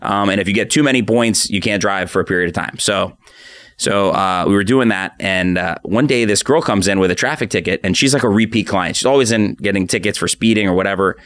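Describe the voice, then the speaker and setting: A man's voice: on the low side, fairly quick. A man hosting a podcast as an attorney, chatting casually and acting out the people in his stories. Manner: animated storyteller acting out quotes. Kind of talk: casual conversational storytelling.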